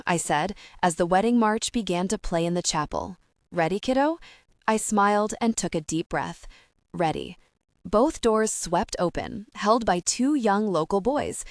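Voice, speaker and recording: A woman reading a first-person romance audiobook, telling the story in a gentle, even way on a close microphone. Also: mid-range voice, no echo. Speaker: audiobook narrator.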